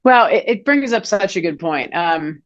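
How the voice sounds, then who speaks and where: A woman's voice: medium pitch, expressive, normal speed, lo-fi sound. A woman in her forties, a foot health clinician, explaining things casually with many fillers and restarts in an interview.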